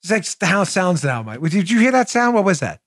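Middle-aged male host, high voice, sarcastic and animated, prone to shouting asides. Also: quick pace. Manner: mocking, loud outbursts, mock-theatrical recitation. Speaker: podcast host. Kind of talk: animated political commentary.

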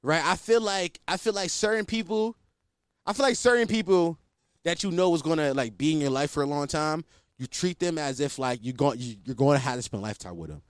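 A man's voice: fairly high pitch, fairly quick, clear, resonant tone, dry recording, studio quality. A young man telling a story in casual, profane, self-mocking slang to his listeners.

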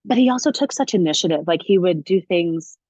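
A young adult woman chatting as a guest, telling a story with lively acted-out quotes. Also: on the low side, fairly quick, breathy edge, no echo, muffled recording. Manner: animated storyteller, acts out quoted voices. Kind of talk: casual chat.

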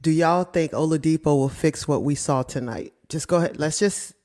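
A woman's voice: low-pitched, moderate pace, a little mellow. A woman panelist on a casual basketball postgame show, laid-back and teasing. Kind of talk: casual podcast chat.

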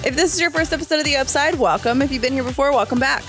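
A woman's voice: high-pitched, very fast, over music. A woman co-hosting a casual chat podcast, wry and matter-of-fact. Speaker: podcast co-host.

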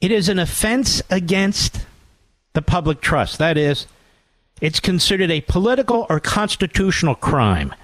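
Man, talk radio host, sarcastic monologue, swooping animated delivery, dry studio sound. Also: sits high, moderate pace, no room sound. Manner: combative, sarcastic, mocks others in put-on voices.

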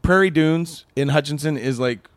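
A man's voice: fairly high pitch, moderate pace, dry recording. Rambling Kansas man telling stories. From Kansas, USA. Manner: rambling storytelling, acts out quotes. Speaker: comedian guest. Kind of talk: casual podcast chat.

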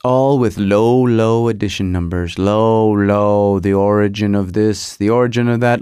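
A man's voice: fairly low pitch, fairly even intonation, measured pace, hardly any pauses, mellow, clean tone, no room sound, clean studio sound. A middle-aged American man hosting a podcast, telling a rambling, nostalgic story that keeps stopping and restarting as he searches his memory. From United States. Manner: nostalgic, self-interrupting, searches memory aloud. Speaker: podcast host. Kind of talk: rambling monologue.

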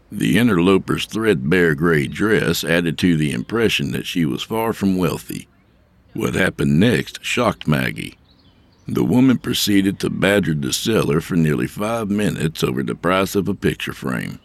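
Male narrator, very deep, animated delivery, dry studio sound, wry storytelling. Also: a little slow, vocal fry, no room sound.

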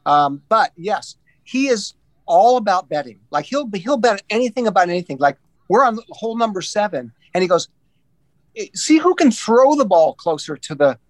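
Here a high-voiced man recounts golf anecdotes at normal speed, doing the voices of the characters with lots of animation. His telling is full of restarts, captured in a dry recording.

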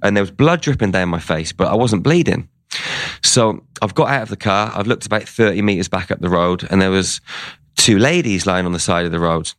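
A man with a low, gravelly voice talks as an interview guest, casually telling a story and acting out what the people in it said. He speaks fairly quickly with a fairly bright tone, and the recording is dry and close.

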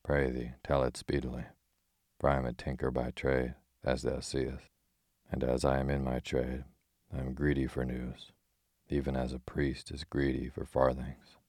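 A man reading a gruff blunt tinker. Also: a bass voice, monotone, normal speed, a little mellow, no echo, studio quality. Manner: blunt, archaic speech, scolding. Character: gruff quick-tempered male tinker, burly and blunt. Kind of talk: audiobook character reading.

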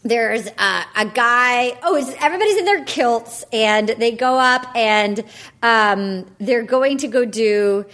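A woman hosting a podcast, chatting casually and laughing easily. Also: on the high side. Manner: excitable, quick to laugh. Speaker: podcast host. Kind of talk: casual chat.

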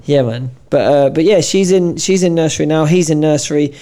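A man co-hosting a podcast, telling lively anecdotes in casual banter and acting out other people's voices. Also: fairly high pitch, a little fast. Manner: animated storyteller, acts out voices in anecdotes. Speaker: podcast co-host. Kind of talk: casual chat.

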